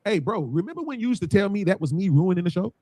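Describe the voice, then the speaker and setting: High voiced guy running the panel, blunt and cussing, dry sound. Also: sing-song, quick pace, darkish tone, dry recording. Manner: blunt, profane, acts out quotes. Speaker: panel host. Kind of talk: casual panel talk.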